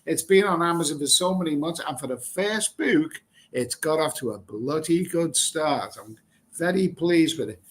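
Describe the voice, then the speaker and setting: A middle-aged man from England runs a casual live stream and reads out viewer comments. He answers them bluntly, rambles and repeats himself, and swears without a second thought. His voice sits a little high for a man. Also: lively intonation, moderate pace. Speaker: livestream host reading viewer comments. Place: Thailand.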